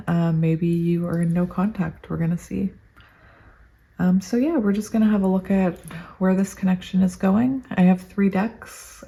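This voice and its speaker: A woman's voice: medium pitch, warm tone. A woman giving a casual tarot reading to her viewers, chatty and gushing, thinking aloud as she goes. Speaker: tarot reader.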